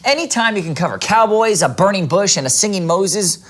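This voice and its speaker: A man's voice: sits high, lively intonation, brisk, a bit bright. A man co-hosting a scripted children's church show in a friendly, earnest way. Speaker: kids' show co-host.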